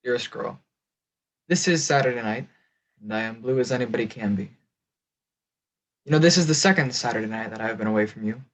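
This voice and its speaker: A man's voice: mid-range voice, a little fast, pauses often, close to an everyday voice. A man reading as a homesick young soldier. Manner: plain, earnest, a little wounded. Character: young 1918 soldier, shy, earnest, homesick. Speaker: reader of historical letters. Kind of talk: dramatic letter reading. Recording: dull lo-fi recording.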